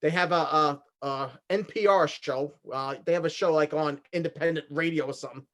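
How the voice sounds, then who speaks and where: A man with a slightly high voice talks hesitantly on a casual podcast. He stops and restarts a lot, filling the gaps as he works his way through a description. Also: steady tone, fairly quick, fairly bright tone. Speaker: podcast co-host. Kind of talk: casual comedy chat.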